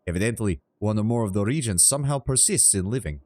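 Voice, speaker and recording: A man putting on a hearty war herald from a fantasy game. He is proud and boastful, with a low, full voice and a grand, old-fashioned manner of proclaiming. Every line rings out like a tale told in a great hall. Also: lively intonation, fast talker, a little mellow. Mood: amused. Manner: hearty, declamatory, old-fashioned "aye" speech.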